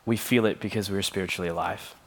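A man's voice: deep voice, fairly even intonation, quick pace, vocal fry. A man preaching as a youth pastor, telling stories with playful voices and laughter. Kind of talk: sermon.

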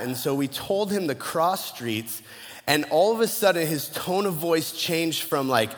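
A man's voice: fairly high pitch, measured pace, big-room sound. A man preaching a sermon as pastor, telling a funny story and acting out the voices of the people in it. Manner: storytelling with humor and animated quoted voices.

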